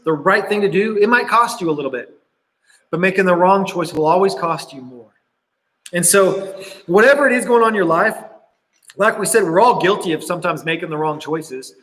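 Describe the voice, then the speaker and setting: A man's voice: high voice, a bit bright. A young man preaching to students as a youth pastor, telling a story in a casual, earnest way with lots of fillers. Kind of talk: youth sermon. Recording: reverberant hall.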